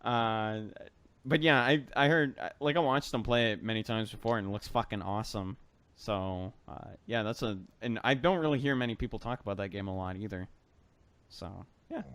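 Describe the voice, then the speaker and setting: A man's voice: lowish voice, moderate pace, fairly bright tone, smooth. A man co-hosting a casual podcast, laid-back, swearing and laughing often. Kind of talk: casual group podcast chat.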